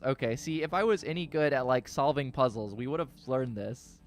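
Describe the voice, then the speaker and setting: A man's voice: medium pitch, brisk, few pauses, faint music behind. Chatty man streaming a story game. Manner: relaxed, joking and chatty with chat. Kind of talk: casual let's-play commentary.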